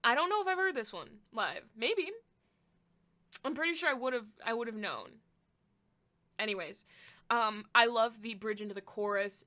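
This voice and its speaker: A young woman hosting a podcast, giving a casual album review, excitable and blunt, swearing freely as she gushes and rants. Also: mid-range voice. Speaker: podcast host.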